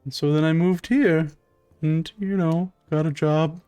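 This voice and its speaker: A man's voice: fairly high pitch, steady tone, a little slow, mellow, clear, resonant tone, no echo, soft background music, lightly acted. A man voicing a timid male ice cream shop waiter who stammers and sniffles through his apologies. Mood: rambling.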